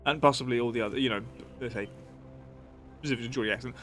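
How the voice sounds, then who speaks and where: A man's voice: mid-range voice, fast talker, fairly bright tone, faint music behind. Rambling man streaming a game. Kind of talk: casual live-stream chat.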